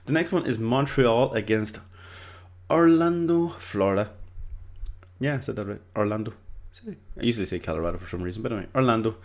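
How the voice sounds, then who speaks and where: A man's voice: on the low side, animated, a little fast. An Irish man talking through football predictions in a casual, rambling way, full of fillers and false starts. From Ireland. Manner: rambling and hesitant, with many fillers and restarts. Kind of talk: casual solo commentary.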